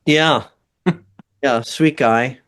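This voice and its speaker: Male guest for a casual interview, unhurried and rambling, with a smooth, clear tone. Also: medium pitch, a bit bright. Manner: slow, rambling, laughs often. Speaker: guest composer and voice actor.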